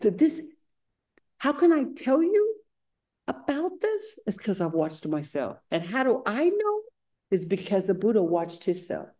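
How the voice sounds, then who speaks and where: This woman's medium-pitched, mellow voice swings hugely in pitch and moves unhurriedly. She's a meditation teacher giving a dharma talk at a retreat center meditation hall, conversational and searching, repeating phrases from the scripture she reads.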